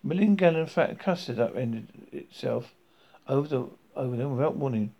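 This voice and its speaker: A man's voice: mid-range voice, lively intonation, moderate pace, creaky, mellow. A man reading a comic story aloud, stumbling and correcting himself as he goes. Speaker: reader.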